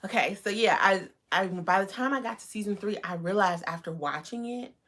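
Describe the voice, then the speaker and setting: Speaking a little fast over slight background noise, a livestream host from the United States welcomes her viewers in a bright high voice. She rambles through casual chat, full of fillers.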